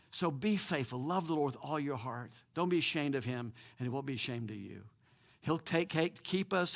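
A man preaching a sermon as pastor, animated and emphatic, with repeated words, restarts and the odd chuckle. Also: a little high.

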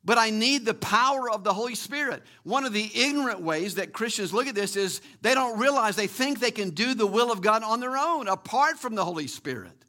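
Emphatic high-voiced male preacher. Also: animated, sharp tone. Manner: emphatic, repeats key words, slows to stress phrases. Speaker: pastor. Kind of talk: sermon.

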